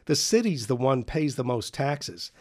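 A man voicing a gruff, nosy male building janitor who scolds loudly. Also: medium pitch, big pitch swings, unhurried. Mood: scolding. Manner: blunt, scolding, loud.

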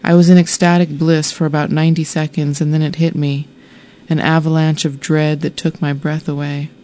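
A woman's voice: low voice, moderate pace. A woman author reading aloud from her own memoir, telling the story wryly and voicing the dialogue. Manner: wry, expressive storytelling with voiced dialogue.

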